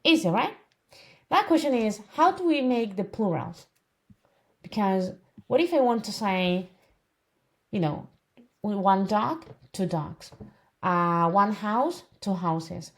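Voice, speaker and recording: Woman tutor, patient, repeats and checks in often, lively pitch. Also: slow pace, pauses often. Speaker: Spanish teacher. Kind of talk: online language lesson.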